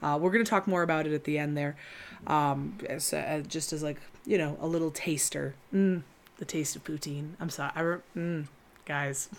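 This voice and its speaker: A woman's voice: sits low, steady tone, normal speed, slight background noise. A woman co-hosting a podcast from West Michigan, chatty and self-deprecating, laughing as she rambles. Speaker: podcast co-host. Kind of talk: casual chat.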